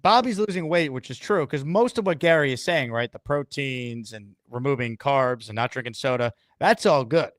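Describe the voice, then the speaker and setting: A man's voice: mid-range voice, lively intonation, moderate pace, few pauses, dry recording, clean studio sound. A man hosting a live sports fan stream, greeting callers and talking straight to his viewers. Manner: upbeat, addressing viewers and callers. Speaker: host.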